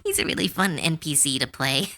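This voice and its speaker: A woman artist chatting casually on a livestream while she draws, talking in a chatty, animated way with many fillers and restarts. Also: deep voice, fairly quick. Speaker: artist streamer.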